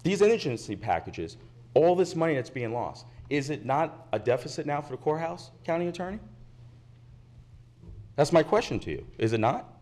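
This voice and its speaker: Man, public commenter, indignant, insistent, very lively pitch, podium mic in a meeting chamber. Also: moderate pace. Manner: indignant, insistent, repeats his points. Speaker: resident speaking at public comment. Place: county commission meeting chamber.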